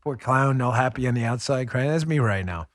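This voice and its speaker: A man's voice: medium pitch, animated, a little fast, dry recording, studio quality. An American man hosting a political podcast, talking sarcastically and laughing often as he mocks. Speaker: podcast host. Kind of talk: political commentary.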